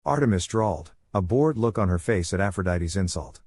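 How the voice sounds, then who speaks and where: A man's voice: low-pitched, animated, brisk, a little mellow, slightly rough, dry recording, studio quality. A man reading fan fiction aloud, narrating and voicing the dialogue with little character acting. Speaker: fanfiction reader.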